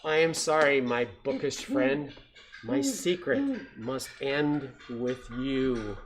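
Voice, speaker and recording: A stern, grumpy library owl from a storybook read aloud, as a man puts him on. He sounds huffy and drags his words out like a hoot. The voice sits a little higher and louder than the reader's own. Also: animated, slow pace, slight background noise, poor audio.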